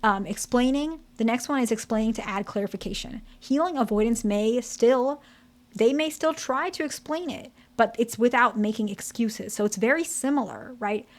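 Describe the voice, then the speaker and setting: A woman therapist talks straight to the viewer. Her voice sits a little high. She is candid and chatty and keeps checking in with "okay?" and "right?". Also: normal speed. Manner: candid, direct. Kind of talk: explaining to camera.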